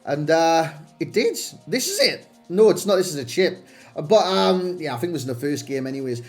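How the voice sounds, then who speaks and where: A man's voice: on the high side, very animated, fairly quick, soft background music. A young man hosting a gaming channel, talking through a player review in a chatty, self-deprecating way with plenty of restarts. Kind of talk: casual game review commentary.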